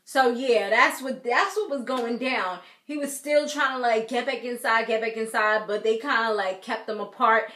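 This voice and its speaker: A chatty woman talks through a reality show recap in a casual, slangy way and laughs often. Her voice sits a little high. The sound is echoey, as if from a bare room. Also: moderate pace, hardly any pauses, bright, forceful tone.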